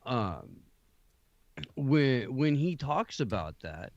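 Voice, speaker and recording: Slow-talking man, dull lo-fi sound. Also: mid-range voice, sing-song, a little mellow, dry recording. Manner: rambling, heavy fillers, swears. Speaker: podcast host. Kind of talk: late-night political talk.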